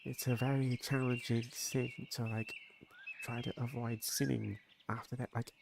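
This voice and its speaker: A man's voice: mid-range voice, level tone, normal speed, creaky, noisy background. A man streaming a story game, reading along and making joking, rambling asides full of fillers. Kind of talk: casual game commentary.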